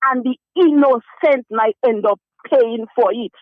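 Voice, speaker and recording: A man calls in to a radio show, his voice strikingly high. He pleads urgently and circles back over the same points. The sound is a dry, tinny phone line. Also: unhurried, no room sound. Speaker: caller. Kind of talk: call-in radio complaint. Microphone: telephone.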